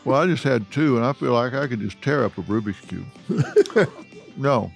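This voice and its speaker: A man hosting a podcast, relaxed and joking, chuckling often. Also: mid-range voice, normal speed, creaky, faint music behind. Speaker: podcast host. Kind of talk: casual chat and sign-off.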